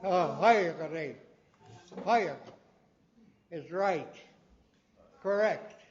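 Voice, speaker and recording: An older man leading a language class, patiently repeating words slowly with a chuckle now and then. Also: high voice. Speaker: language teacher. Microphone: hearing aid mentioned; plain mic. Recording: dull lo-fi broadcast sound.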